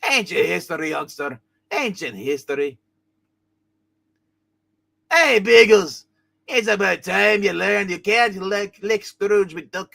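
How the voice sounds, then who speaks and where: A man voicing a gruff, shrewd old male duck tycoon in a live comic reading, gloating and boastful. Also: high-pitched, expressive, slow pace, pauses often, sharp tone, voice pushed up, exaggerated voice.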